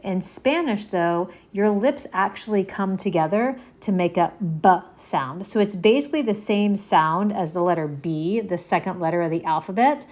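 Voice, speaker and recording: A woman's voice: medium pitch, normal speed, hardly any pauses, darkish tone. A woman teaching a Spanish alphabet lesson, saying each letter twice and explaining its sound step by step. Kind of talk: slow, patient alphabet lesson.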